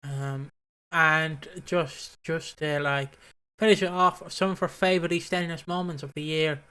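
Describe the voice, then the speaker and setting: A man's voice: on the high side, fairly even intonation, measured pace, sharp tone, smooth. A British man co-hosting a podcast in loose, rambling casual chat, full of fillers. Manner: rambling, loose, says "obviously" and "lad" a lot. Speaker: podcast co-host.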